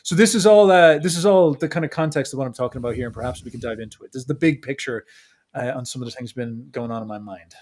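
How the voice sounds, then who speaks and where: A man talking as a podcast guest in a casual, animated way, acting out what other people said. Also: mid-range voice, quick pace, slight background noise. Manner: animated, acts out quotes of others. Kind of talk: casual conversational monologue.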